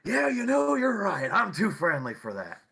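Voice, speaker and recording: A big-hearted, goofy strongman hero with a cheerful, boisterous voice pushed way up high, as a man puts him on. The voice is bright and gravelly and swoops around a lot. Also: huge pitch swings, moderate pace, heavily acted. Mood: sheepish. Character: friendly, goofy, super-strong male hero.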